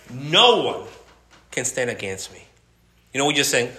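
A man's voice: medium pitch, sing-song, moderate pace, pauses often, pushed and bright, roomy sound. A male pastor preaching an impassioned sermon, repeating himself and restarting phrases as he builds his points. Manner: impassioned, repetitive, with many restarts.

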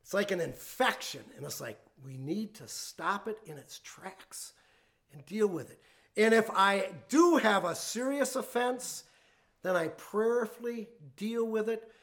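High-voiced man preaching a folksy sermon. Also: lively intonation, a little slow, fairly bright tone. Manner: folksy storytelling with chuckles. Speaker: pastor. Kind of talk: conversational sermon.

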